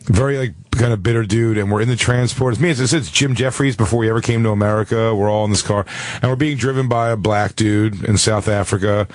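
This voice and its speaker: A man's voice: lowish voice, quick pace, no room sound. A man co-hosting a talk radio show, telling a rambling, crude story in casual banter.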